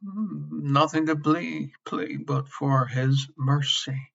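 Slow, bright-voiced impassioned male preacher. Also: a little high, fairly even intonation, vocal fry. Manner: impassioned, swinging between loud emphasis and soft near-whispers; repeats key phrases for emphasis. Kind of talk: sermon. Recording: slightly dull lo-fi sermon recording.

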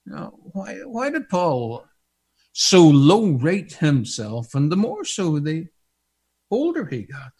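A man's voice: a little high, slow pace, slightly rough. An older man preaching a sermon, telling stories with humor and asking the congregation questions. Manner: animated storytelling with humor and rhetorical questions.

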